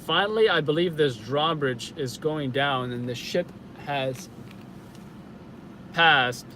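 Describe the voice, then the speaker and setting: A man's voice: on the high side, slow, sharp tone, poor audio. A man hosting a casual live stream from inside a car, rambling with many fillers as he answers viewers. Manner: rambling, filler-heavy, self-correcting. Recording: car and street noise.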